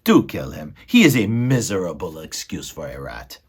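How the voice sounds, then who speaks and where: A man voicing a snobbish, greedy male rat who talks loudly with scorn, in a storybook reading. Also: low-pitched, big pitch swings, moderate pace, slightly rough, full character voice. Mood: scornful. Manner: loud, scornful, sneering.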